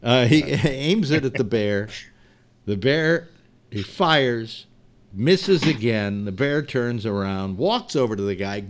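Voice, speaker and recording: Lively man spinning a long joke. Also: mid-range voice, slow. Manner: rambling, animated storyteller with restarts. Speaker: host. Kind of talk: casual joke-telling on a live talk show.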